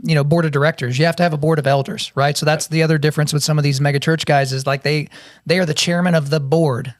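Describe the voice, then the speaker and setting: A man from Oklahoma hosting a casual Bible discussion podcast, talking in an animated, storytelling way and acting out quotes. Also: a little high, no echo, studio quality. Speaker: podcast host.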